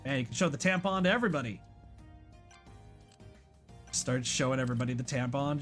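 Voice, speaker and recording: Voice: medium pitch, a little fast, pauses often, soft background music. A streamer playing a detective video game, making joking asides to the chat between read-aloud scenes. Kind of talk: casual gameplay commentary.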